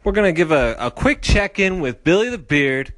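A man's voice: on the high side, very animated, moderate pace, fairly bright tone. A young man hosting a podcast, teasing his guest with dry remarks and playful announcer bits. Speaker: podcast host. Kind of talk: casual comedic banter.

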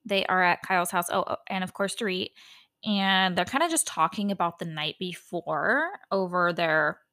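A woman's voice: fairly low pitch, a bit bright. A woman hosting a solo podcast, recapping a reality TV episode in a chatty, giggly way with lots of "like". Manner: chatty, laughs often, lots of "like". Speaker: podcast host. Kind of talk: casual solo TV recap chat.

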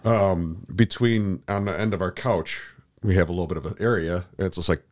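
A man's voice: low-pitched, fairly quick. A man co-hosting a podcast, talking in a rambling casual way with many restarts and fillers. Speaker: podcast co-host. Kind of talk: casual chat.

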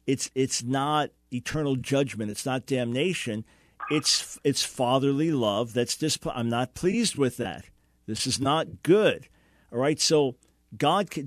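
A man's voice: medium pitch, dry recording, studio quality. A man hosting a radio call-in show, earnestly explaining and answering a caller's question, sometimes acting out quoted dialogue.

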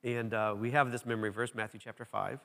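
A man's voice: mid-range voice, steady tone, quick pace, vocal fry, bright, forceful tone. A man preaching a conversational sermon as pastor, with frequent fillers and restarts.

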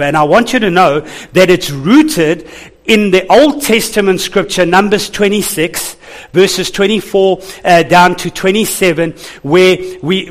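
A man preaching a sermon to his church as pastor, calling out to the congregation for responses. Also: high voice.

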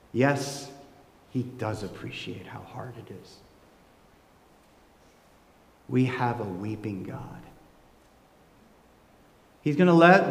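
A man in his forties preaches in a large church hall, his voice ringing out with a long, roomy reverb. He moves between hushed, low asides and loud, high emotional peaks, in a middle-pitched voice. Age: 40s. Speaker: pastor. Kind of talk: sermon.

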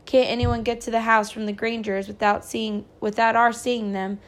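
A woman's voice: a little high, little pitch movement, normal speed, natural voice. A woman reading aloud voices a stern, protective rural mother who gives firm, urgent orders.

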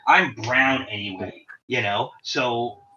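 A man in his forties casually telling rambling, profane stories about touring, with animated quoting. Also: medium pitch, slow, a little hiss or hum. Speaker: guest telling tour stories. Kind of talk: casual storytelling chat. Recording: roomy, distant, dull lo-fi sound.

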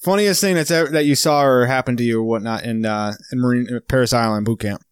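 A man hosting a podcast, easygoing and quick to chuckle while he tells his own boot camp story. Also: medium pitch, clean tone, dry recording, clean studio sound. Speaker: podcast host. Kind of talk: casual chat.

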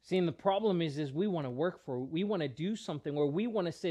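A male pastor delivers a sermon in a slightly high voice. He explains in an earnest way and often restarts his phrases. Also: animated, fast, mellow.

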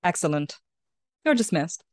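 Woman doing a pirate queen, slow and sly, low voice, dry close sound. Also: big pitch swings, dry recording. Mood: cool, commanding. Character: calm commanding female pirate queen.

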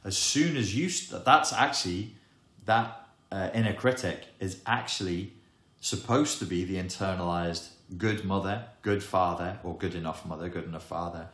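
A man who explains psychology topics in an emphatic, wry monologue with dramatic pauses. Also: low voice, a bit bright. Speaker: self-help educator. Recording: echoey room.

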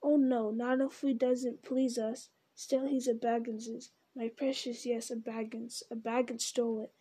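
A woman's voice: fairly high pitch, flat delivery, a little slow, warm tone, husky. A woman voicing a wretched male creature who argues with himself in a whining, wheedling voice. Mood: greedy. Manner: whining, wheedling, hissing repetitions. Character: wretched creature, male, split into two bickering selves.

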